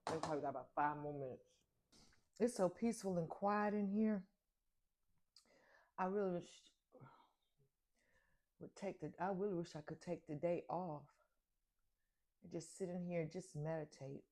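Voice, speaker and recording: A woman's voice: lowish voice, normal speed, pauses often, darkish tone. An older woman, a grandmother, chatting casually through her morning chores at home. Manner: chatty, talks to herself while doing chores. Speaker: vlogger. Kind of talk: casual morning vlog narration. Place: home kitchen.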